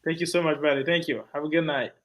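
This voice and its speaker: A man's voice: fairly high pitch, steady tone, fast, rough recording. Encouraging male English teacher. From Haiti. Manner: encouraging, repeats phrases. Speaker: English teacher hosting an online class. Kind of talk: wrapping up a class discussion.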